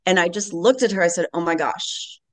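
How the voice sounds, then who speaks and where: A woman in her late fifties, a podcast guest telling a personal story in an earnest, animated way. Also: on the low side, brisk. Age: late 50s. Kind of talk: casual interview storytelling.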